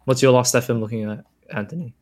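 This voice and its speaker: A man co-hosting a podcast, teasing his friends in excitable casual chat. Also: mid-range voice, fast talker. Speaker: podcast co-host.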